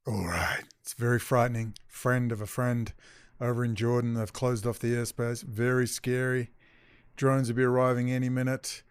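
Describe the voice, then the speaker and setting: A man's voice: medium pitch, flat delivery, normal speed, smooth, no room sound, studio quality. A man hosting a commentary channel, ranting sarcastically over news clips and swearing often. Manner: sarcastic, swearing, mock-frightened asides.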